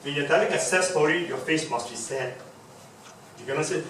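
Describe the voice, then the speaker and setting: A man's voice: fairly high pitch, fairly quick. A man giving a public speaking workshop lecture, emphatic and demonstrative, repeating key words to drive them home. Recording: very echoey room, distant mic, background noise.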